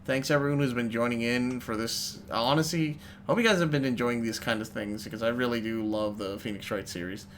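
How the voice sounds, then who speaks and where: A man's voice: medium pitch, a little fast, few pauses, a bit bright, slight background noise. A man streaming live, chatting casually and rambling to his viewers while he plays. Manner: rambling, chatty, talks to chat while playing. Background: game music.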